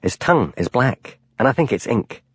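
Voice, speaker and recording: A man reading the part of a shrewd, quiet Highland constable in an audiobook. He talks with an urgent, lifted voice that rises and falls lively. The sound is dry and close. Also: normal speed, husky, no room sound. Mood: confiding. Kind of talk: audiobook character voice.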